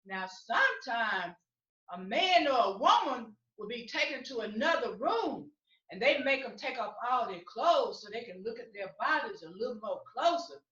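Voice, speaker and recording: A woman's voice: fairly high pitch, very animated, moderate pace, sharp tone. A woman storyteller giving a theatrical, emphatic dramatic performance. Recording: echoey room, far from mic, dull.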